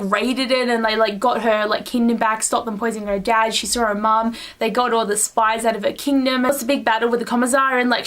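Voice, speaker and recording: Young woman, book review vlog, gushing and rambling, slightly high voice, filler-heavy casual talk. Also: a bit bright. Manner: gushing, rambling, heavy use of "like", acts out quotes.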